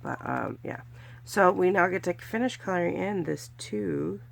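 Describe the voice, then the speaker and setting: Gravelly-voiced woman chatting casually. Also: fairly low pitch, lively intonation, measured pace. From California, US. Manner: chatty, counting money aloud with little cheers. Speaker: budgeting vlogger. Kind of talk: casual narration while doing cash challenges.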